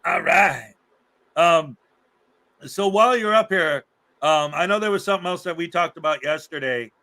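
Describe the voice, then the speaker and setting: A man's voice: a little high, normal speed, sharp tone, soft background music. A man hosting a livestream in casual chat, upbeat and repeating words for emphasis. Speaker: livestream host.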